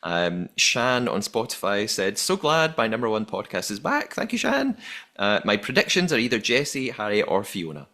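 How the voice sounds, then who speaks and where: A man's voice: fairly low pitch, big pitch swings, moderate pace, sharp tone. A man hosting a podcast, chatting casually and reading out listener messages. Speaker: podcast host. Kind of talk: casual recap chat.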